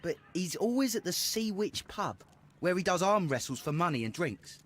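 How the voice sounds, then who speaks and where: An eager young street runner in a video game, high voice with lively swings in pitch. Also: male voice, breathy edge, heavily acted. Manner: quick, eager reporting. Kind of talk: video game character dialogue.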